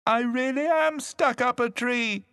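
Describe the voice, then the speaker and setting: Squeaky high prankster elephant boy, storybook voice, dry close sound. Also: measured pace, bright, forceful tone, clean tone, no room sound, exaggerated voice. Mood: plaintive. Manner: calls out in a high, teasing voice. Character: Wilbur, playful young male elephant prankster. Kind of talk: storybook reading.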